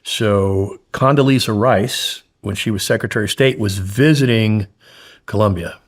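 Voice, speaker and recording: A man's voice: fairly low pitch, normal speed. A man guest in an interview, blunt and profane, intensely retelling a frightening story.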